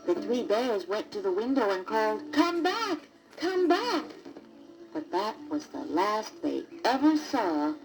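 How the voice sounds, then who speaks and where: A woman narrating a children's storybook record in a deliberate, expressive read-aloud manner. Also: medium pitch, gravelly, over music, rough recording.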